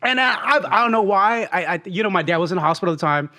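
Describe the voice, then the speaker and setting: Man, from Long Beach, podcast guest, rambling storyteller, high voice, acts out quotes. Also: expressive, racing, bright, forceful tone. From Long Beach, California. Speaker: guest and road companion.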